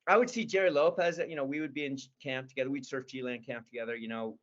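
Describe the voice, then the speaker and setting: A man's voice: medium pitch, fast talker, dull audio. A man in his sixties, an interview guest telling stories in an enthusiastic, rambling way. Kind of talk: casual storytelling.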